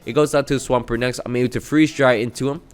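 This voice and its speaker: A man's voice: medium pitch, steady tone, quick pace. A man giving a casual recap of a video game run, chatty and self-mocking as he rattles through each battle move. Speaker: gaming channel host. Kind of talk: casual gameplay recap commentary.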